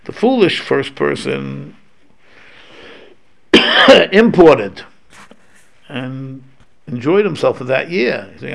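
Gravelly-voiced man teaching a class. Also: medium pitch, expressive, slow pace, pauses often, fairly bright tone. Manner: conversational, with frequent restarts and Hebrew-Yiddish terms. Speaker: Torah teacher. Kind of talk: informal religious lecture.

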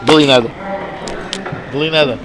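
A man's voice: on the high side, unhurried, a crowd in the background. A man giving a Talmud lecture to his students, arguing his points aloud with emphasis. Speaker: Talmud teacher. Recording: noisy class of listeners.

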